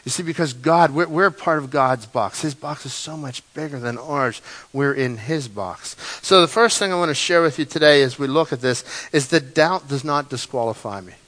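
A male pastor preaching a sermon, telling the story dramatically and swinging between loud and quiet passages. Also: fairly high pitch, normal speed, low-quality recording. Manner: animated, dramatic storytelling with big swings in loudness.

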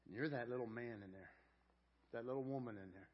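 A man preaching a sermon as a pastor. He is earnest and folksy, repeats words as he searches for them, and swings between loud emphasis and quiet intensity. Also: mid-range voice, a little fast. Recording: dull lo-fi church audio.

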